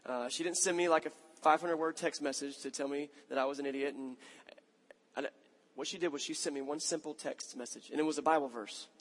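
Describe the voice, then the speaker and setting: Brief: pastor in his thirties, casual sermon storytelling, fairly high voice, long hall echo. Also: fairly quick. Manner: conversational storytelling, self-mocking, animated.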